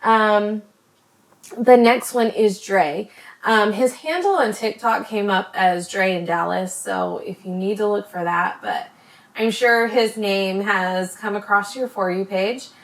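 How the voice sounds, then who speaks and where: A woman chatting to her camera as a vlogger, rambling with many ums and tripping over words when she talks fast. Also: medium pitch. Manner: says she stutters when talking fast. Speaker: vlogger recommending creators. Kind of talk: casual chat to camera.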